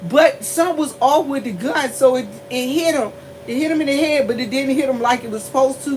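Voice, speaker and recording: A woman telling a story to her viewers in a casual, animated way. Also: a little hiss or hum, poor audio. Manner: animated, laughing often, shifts into high squeals. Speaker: vlogger.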